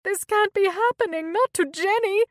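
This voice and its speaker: A woman's voice: very high-pitched, normal speed, dry recording, clean studio sound, voice pushed up. A woman doing an older tearful nurse. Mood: distraught. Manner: emotional, wailing.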